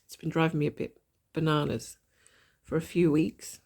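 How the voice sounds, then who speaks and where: A woman with a gravelly voice and a blocked nose from a cold, chatting casually and thinking aloud while she stitches, with a self-deprecating manner. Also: deep voice, steady tone, moderate pace, darkish tone. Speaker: cross-stitch vlogger. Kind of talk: casual stitch-along chat.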